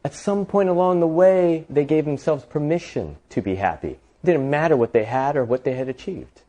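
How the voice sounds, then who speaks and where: A man hosting an inspirational talk as an animated storyteller, full of casual fillers. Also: fairly high pitch, moderate pace. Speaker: host.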